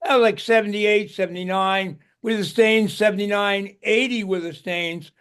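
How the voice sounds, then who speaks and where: A man's voice: high voice, steady tone, normal speed, a bit bright, clean tone. An older man, a guest musician, tells stories in a casual interview, rambling and restarting his words.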